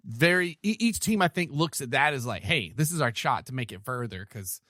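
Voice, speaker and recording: Brief: male co-host, lively up-and-down pitch, dry close sound, playful casual chat. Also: moderate pace, no echo. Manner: animated, playful, tosses in mock shouts. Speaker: podcast co-host.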